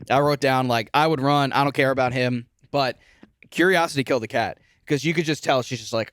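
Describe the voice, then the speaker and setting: A man's voice: medium pitch, moderate pace, no echo, clean studio sound. A young man co-hosting a podcast, casually retelling a horror film and acting out quoted lines. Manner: animated retelling with quoted voices. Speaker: podcast co-host. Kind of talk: casual movie review chat.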